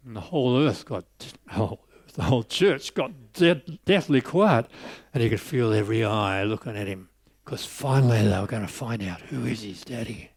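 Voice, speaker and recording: A man preaching a sermon, telling a story and lifting his voice on scripture before dropping soft on key lines. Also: medium pitch, normal speed, husky, no echo.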